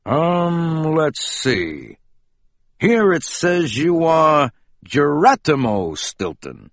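A man's voice: fairly high pitch, big pitch swings, drawn-out words, no echo, exaggerated voice. A man voicing a plump, lazy male mouse who works as a hotel clerk, mumbling and drawling between yawns. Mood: bored. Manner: yawning, mumbling, unbothered drawl. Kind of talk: storybook reading.

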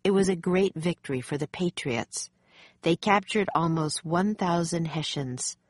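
A woman narrating a children's storybook in a calm, measured way. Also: on the low side, breathy edge, no echo, clean studio sound. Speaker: audiobook narrator.

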